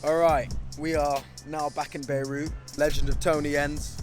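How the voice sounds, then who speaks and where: A young man vlogging while travelling, excitable and slangy, laughing often and restarting his sentences as he talks to the camera. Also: fairly high pitch, moderate pace, over music. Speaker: vlogger and outreach business owner. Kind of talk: casual travel vlog with talk to camera. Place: outdoors in streets and mountain roads.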